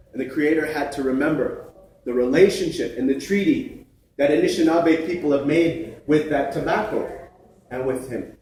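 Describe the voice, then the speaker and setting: A man acting as emcee and storyteller, telling a traditional story on a large theatre stage in a measured, animated way with playful asides. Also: mid-range voice, a little hiss or hum. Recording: echoey theatre from far off.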